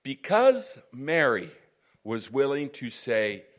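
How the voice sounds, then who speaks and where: A man preaching a sermon, dropping "praise God" and "amen" between points and rising to loud, emphatic stretches. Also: medium pitch, animated, unhurried.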